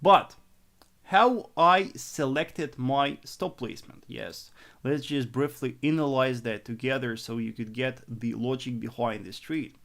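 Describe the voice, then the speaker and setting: A man's voice: medium pitch, unhurried, vocal fry, a bit bright. A man coaching forex trading on a live stream, walking through his trades step by step with frequent restarts and a habitual "yes". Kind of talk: live market analysis stream.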